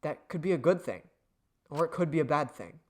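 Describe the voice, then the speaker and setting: Excitable male gamer, casual commentary. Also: a little high, brisk. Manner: excitable, laughing, swearing. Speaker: let's play gamer.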